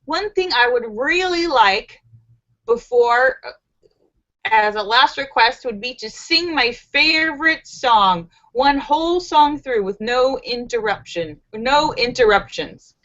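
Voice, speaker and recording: A wistful, earnest man facing his end, read by a woman telling a joke. She keeps her own high, bright voice and takes her time. The sound is a bit lo-fi. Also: lively intonation, slow pace, exaggerated voice. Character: male death row inmate, earnest and wistful.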